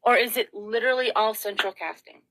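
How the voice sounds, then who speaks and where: A middle-aged woman rants straight to camera in a somewhat high voice. She sounds frazzled and close to tears, sighing, breaking off mid-sentence and firing off rhetorical questions. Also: fairly even intonation, brisk, fairly bright tone, poor audio. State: tearful. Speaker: vlogger. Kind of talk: emotional rambling monologue.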